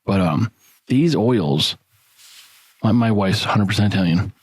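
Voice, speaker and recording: A man's voice: on the low side, expressive, a little slow, husky. A middle-aged American man co-hosting a podcast in loose, swear-heavy casual chat. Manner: loose, swears a lot, laughs often. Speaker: podcast co-host.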